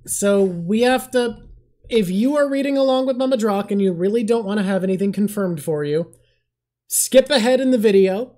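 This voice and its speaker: A man hosts a casual conversation, relaxed and easygoing. He chimes in and keeps things moving. The talk is loose and unscripted. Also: high-pitched, normal speed. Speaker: host. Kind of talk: casual chat.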